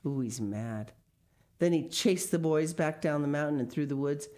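A woman reading a children's picture book aloud, with lively expression and small asides. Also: deep voice, fairly quick. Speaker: storyteller.

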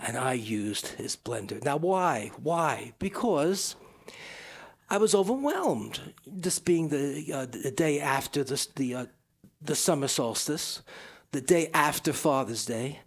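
A man's voice: on the high side, expressive, slow, slightly rough. A man co-hosting a community radio show, rambling and joking with many restarts. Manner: rambling, self-interrupting, jokey. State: out of breath. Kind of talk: casual radio chat.

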